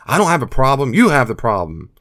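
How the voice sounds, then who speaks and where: A man putting on a shrill, whiny addict. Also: animated, normal speed, fairly bright tone, dry recording, studio quality. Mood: defensive. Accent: American. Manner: shrill, accusing, petulant. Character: defensive, whiny addicted sibling lashing out.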